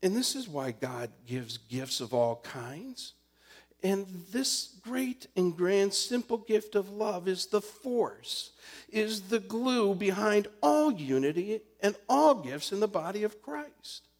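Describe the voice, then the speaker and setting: A man's voice: high voice, very animated, slow. A man preaching a sermon as a pastor, telling a personal story earnestly and building to emphatic points.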